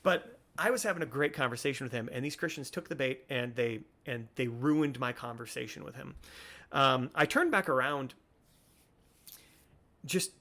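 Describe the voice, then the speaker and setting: A man's voice: mid-range voice, a bit bright. A young man hosting a podcast, talking earnestly and a bit preachily, often restarting his sentences. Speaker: podcast host. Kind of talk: casual commentary.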